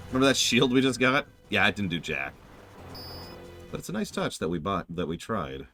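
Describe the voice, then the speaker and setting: A male streamer in his forties talks through a game in a casual, chatty way. His voice sits low but swings widely in pitch, and he sometimes hums along. Faint music plays behind him. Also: very animated, normal speed, pushed and bright. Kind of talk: casual gaming commentary.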